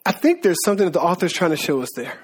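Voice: mid-range voice, sing-song, very fast, husky. A preacher delivering a sermon in casual, slangy talk, repeating words and laughing as asides.

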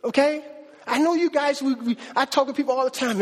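A male pastor preaching a sermon in a lively, conversational, slangy way. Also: extremely high pitch, fairly quick, long reverb tail.

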